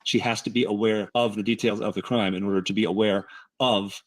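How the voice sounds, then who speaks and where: Measured, explanatory man, low voice. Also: steady tone, dry recording. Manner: measured, explanatory, breaks down wording point by point. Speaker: statement analyst. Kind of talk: explaining video clips on a livestream.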